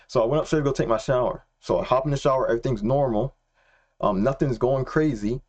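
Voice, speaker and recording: A young man telling a personal faith story in a casual, excitable way, slangy and repeating himself. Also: mid-range voice, fast talker, highs cut off. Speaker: Christian vlogger.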